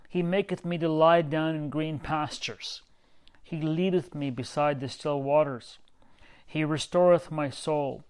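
A man giving an informal sermon, reading psalms aloud and musing on them with rhetorical questions and light chuckles. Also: mid-range voice. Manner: reads verses then muses aloud with rhetorical questions and chuckles. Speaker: preacher.

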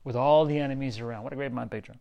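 Man preacher, mid-pitched voice, reads verses, asks rhetorical questions, chuckles between points. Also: fairly even intonation, racing, vocal fry, mellow, muffled recording. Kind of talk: informal sermon with scripture reading.

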